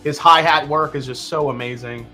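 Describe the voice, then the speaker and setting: A middle-aged man hosts a relaxed live stream, his voice bright and forceful and pitched a little high. He jokes and swears freely as he chats. Faint music plays under the talk. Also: moderate pace. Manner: animated, joking, swears casually. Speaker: livestream host. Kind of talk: casual live-stream chat.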